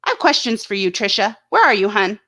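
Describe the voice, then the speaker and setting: A woman's voice: mid-range voice, sing-song, brisk, pushed and bright. A woman hosting her own channel, talking casually and bluntly about online drama, swearing freely and reading out viewers' chat comments. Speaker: YouTube channel host.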